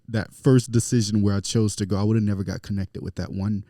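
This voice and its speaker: Florida guy pastor on a podcast, lowish warm voice, lots of ums. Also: quick pace, hardly any pauses, no room sound, clean studio sound. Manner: relaxed, filler-heavy storytelling. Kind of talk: casual podcast chat, storytelling.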